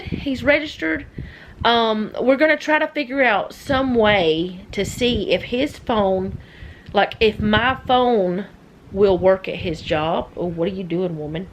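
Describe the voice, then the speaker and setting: A middle-aged woman with a drawl chats away in a loose, rambling manner and drifts off topic. Her voice sits at a middle pitch. A faint hum of noise runs behind her. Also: expressive, unhurried, rough recording. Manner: rambling, chatty, easily sidetracked. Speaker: vlogger. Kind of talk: casual chat.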